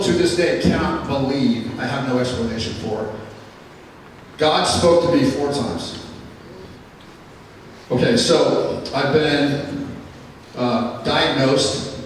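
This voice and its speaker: A man giving a personal testimony at a school chapel, telling his story in an earnest, plainspoken way with many pauses. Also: fairly high pitch, a little hiss or hum. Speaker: school staff member giving a chapel talk. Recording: echoey hall from far off.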